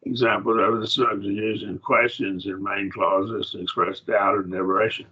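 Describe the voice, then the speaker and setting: A plainspoken, folksy man, a preacher, teaching a slow Bible Greek grammar lesson to a class. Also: on the low side, level tone, pushed and bright, husky. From rural. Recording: dull lo-fi classroom recording.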